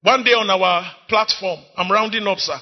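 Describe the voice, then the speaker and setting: A man with a Nigerian English accent preaching an impassioned sermon, often rising to shouts and stretching words out. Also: sits high, normal speed. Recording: dull lo-fi recording.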